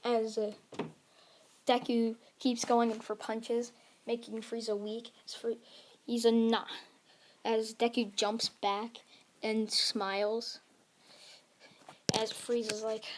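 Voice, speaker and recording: A woman improvises a fan-fiction story, rambling and restarting as she goes. She talks slowly in a fairly high voice, narrating action scene by scene. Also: flat delivery, slight background noise. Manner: rambling, with many restarts and fillers.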